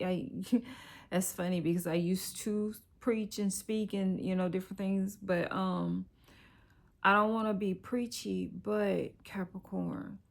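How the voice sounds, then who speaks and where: A woman's voice: medium pitch, creaky. A middle-aged woman, a life coach, giving an encouraging, conversational tarot reading that turns slightly preachy. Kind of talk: direct-to-camera tarot reading.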